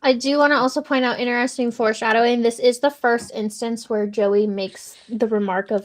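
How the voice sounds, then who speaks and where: Female participant, higher pitch, brisk analytical delivery, on a video call. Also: steady tone. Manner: quick, analytical, points out foreshadowing. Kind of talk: casual book discussion on a live stream.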